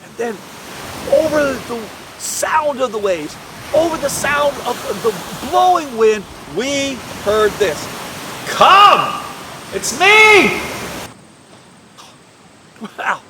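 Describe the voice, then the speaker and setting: A woman with a high voice spins a first-person Bible story as though she had lived it. Her telling swings from quiet, drawn-out lines to sudden shouts. She sits back from the microphone, and a faint low rumble hums behind her. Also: distant mic. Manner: expressive, swings from hushed to shouting.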